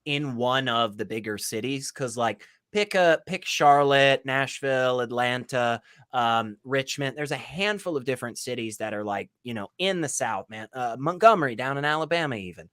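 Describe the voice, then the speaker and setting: A man's voice: mid-range voice, animated, moderate pace, a bit bright, no echo, clean studio sound. Enthusiastic man hosting a chat. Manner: enthusiastic, emphatic. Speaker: host. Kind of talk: casual group chat.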